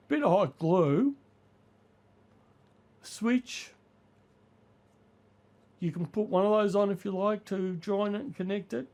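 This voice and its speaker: An older man hosting a hobby vlog, hoarse and creaky from the flu. He rambles along casually with plenty of ums, his voice sitting a touch high for a man. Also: takes it slowly, pauses often, a little mellow. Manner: chatty, rambling with fillers. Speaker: model railway channel host.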